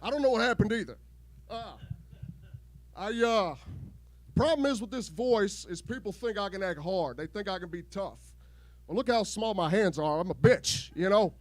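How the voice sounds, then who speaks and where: A man with an unusually high, light voice performs crude stand-up, rambling and restarting his sentences. The sound is close and dry, with almost no room echo. He does his set at a home garage show before a live crowd. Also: animated, moderate pace. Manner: crude, rambling jokes with repeated false starts. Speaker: stand-up comedian.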